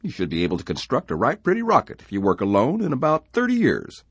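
A man's voice: mid-range voice, huge pitch swings, quick pace, slightly rough, no echo, voice pushed up, heavily acted. A man voicing an easygoing townsman who speaks in a casual, amused drawl.

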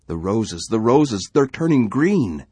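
A man's voice: fairly low pitch, big pitch swings, slow pace, warm tone, slightly rough, dry recording, pitched above the performer's own voice, full character voice. A man voicing a frightened settler who talks urgently and pleads with others. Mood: frantic. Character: anxious male settler, frantic and fearful.

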